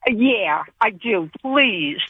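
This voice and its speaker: A woman's voice: mid-range voice, lively intonation, very slow, breathy edge, no echo. A middle-aged woman with a New York accent, a radio caller who talks bluntly and protests. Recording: muffled phone line.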